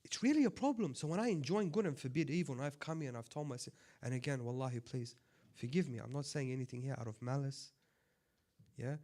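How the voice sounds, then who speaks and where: A man who is a sheikh giving a conversational sermon, swinging between loud impassioned appeals and quiet asides. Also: mid-range voice, fast talker. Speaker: sheikh giving a religious talk.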